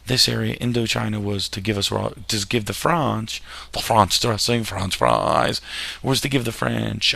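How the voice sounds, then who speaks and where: A man's voice: lowish voice, gravelly, fairly bright tone. A man teaching history in a recorded lecture over slides, with jokey, self-deprecating asides.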